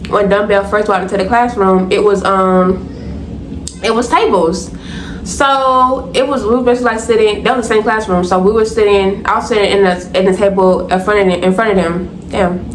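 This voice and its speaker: A woman's voice: medium pitch, reverberant, a little hiss or hum, rough recording. Blunt, profane young woman telling a story. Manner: animated, blunt and profane, addresses viewers as y'all. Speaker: storytime vlogger. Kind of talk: casual storytime to camera.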